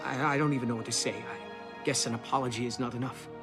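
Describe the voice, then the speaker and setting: A man's voice: medium pitch, fairly even intonation, quick pace, natural voice. A fretful male merchant in a video game, voiced by a man frets and apologizes in a mid-range voice. He sounds anxious and wordy. Faint game music sits underneath. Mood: remorseful.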